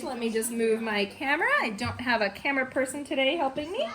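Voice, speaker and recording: A woman teaching kindergarten and first graders in an online morning meeting, slow and sing-song. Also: sits high, animated, fairly bright tone, reverberant, far from the mic. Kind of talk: remote morning meeting lesson. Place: at home or classroom on camera.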